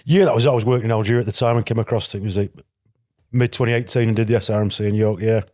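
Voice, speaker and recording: Fast-talking Yorkshire man telling stories. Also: fairly low pitch, steady tone, mellow, dry recording, studio quality. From North Yorkshire, England. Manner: chatty, anecdotal, acts out quoted exchanges. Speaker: guest, former legionnaire. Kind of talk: casual storytelling interview.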